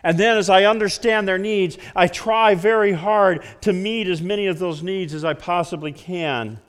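A man preaching a sermon with earnest conviction, swelling loud and then dropping to hushed tones as he presses a point. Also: high voice, moderate pace, clear, resonant tone. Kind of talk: sermon with told stories. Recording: long reverb of a hall.

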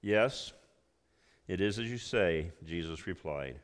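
A man preaching a sermon, emphatic, swinging between loud emphasis and hushed low passages. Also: expressive, takes it slowly, long reverb tail. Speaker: pastor.

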